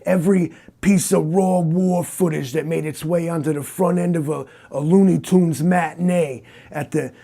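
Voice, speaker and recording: Man doing a gravelly boastful cyborg detective. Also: fairly high pitch, fairly even intonation, normal speed, hardly any pauses, warm tone. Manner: boastful, condescending, tough-guy talk. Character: brash male Soviet cyborg posing as hard-boiled city detective. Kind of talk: improvised comic interview.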